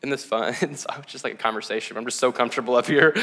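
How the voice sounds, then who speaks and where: A man's voice: mid-range voice, quick pace. A young man giving a sermon as a pastor, talking casually with lots of slang, asking "right?" and using many "like"s. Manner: casual, animated, slangy preaching with frequent "like" and "right?". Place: church hall. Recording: reverberant hall.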